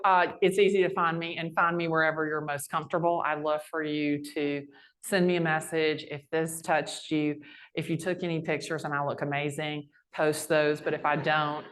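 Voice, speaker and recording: Slight background noise surrounds a low-voiced woman who is on stage as a guest speaker at a sales rally. She's a brash, lively storyteller with a folksy touch.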